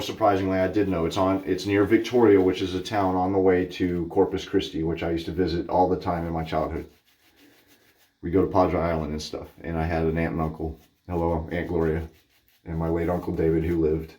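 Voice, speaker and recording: Male shaving vlogger from Texas, deep low voice, rambling and chatty with frequent self-corrections. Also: a little mellow. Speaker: wet shaving channel host. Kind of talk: casual chat while shaving.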